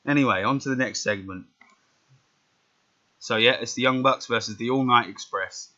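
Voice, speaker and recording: A man's voice: mid-range voice, moderate pace, pushed and bright. A man casually commentating a wrestling management game, reading out results with rambling muttered asides. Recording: dull lo-fi recording.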